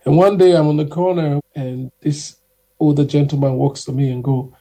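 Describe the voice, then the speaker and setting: A young man tells a story casually and with animation. His voice is very dark and gravelly, with a husky edge. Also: fairly high pitch, moderate pace. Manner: animated, acts out quotes. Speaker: guest singer.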